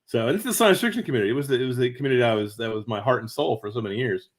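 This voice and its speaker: A man talking as an interview guest, telling stories with stammered restarts and quick chuckles, jumping up into a high excited voice when acting out what people said. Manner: animated, jumps to high excited pitch acting out quoted voices. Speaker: guest author. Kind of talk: conversational interview storytelling.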